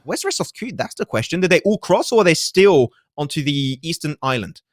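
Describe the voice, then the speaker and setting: A man calls a live esports match in quick, energetic bursts, throwing in joking asides as the action unfolds. His voice sits a little high and races along. The sound is dry and close. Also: no echo. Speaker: esports caster. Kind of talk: live play-by-play commentary.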